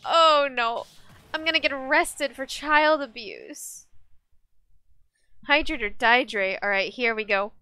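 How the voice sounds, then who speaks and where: A young woman streaming a game live, chatting casually and excitably, laughing and shrieking at the action. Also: high voice, unhurried, pauses often, clean tone, no echo.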